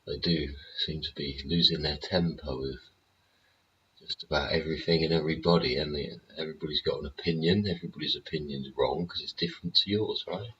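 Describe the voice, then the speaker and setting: A man's voice: extremely low pitch, a little fast, a bit bright, slight background noise. A man hosting his show in a casual, rambling rant, swearing freely and tossing in tag questions. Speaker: show host. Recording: dull lo-fi recording.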